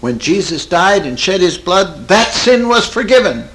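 A man voicing a distraught woman wracked by guilt, pleading in a high, strained voice. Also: sing-song, measured pace, poor audio. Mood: screaming faith.

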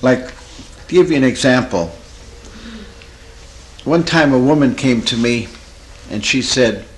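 A man's voice: mid-range voice, takes it slowly, slight background noise, rough recording. A Christian therapist, a man, tells a story from his practice in a folksy, earnest way. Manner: folksy, earnest, animated retelling. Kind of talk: storytelling talk.

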